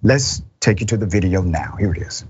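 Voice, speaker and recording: A man's voice: low-pitched, animated, a little fast, dull audio, very noisy. A man hosting a news commentary show, speaking with indignant emphasis and addressing the person he criticizes directly. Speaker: host.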